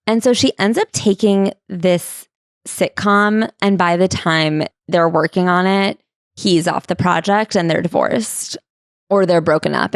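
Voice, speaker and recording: A woman co-hosting a podcast, recapping a memoir's story in a steady, matter-of-fact way. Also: lowish voice, dry recording, clean studio sound. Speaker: podcast co-host. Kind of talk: casual book club chat.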